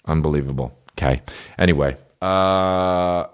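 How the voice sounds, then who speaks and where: A man's voice: low voice, unhurried, clean tone. A man hosting a podcast, rambling in a casual comedic monologue full of swearing while he riffs on listener questions. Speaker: podcast host.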